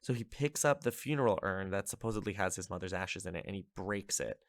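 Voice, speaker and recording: Chatty low-voiced man recapping a film. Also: fairly quick, no echo, clean studio sound. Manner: chatty, lots of filler "like", amused. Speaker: podcast host. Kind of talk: casual movie recap.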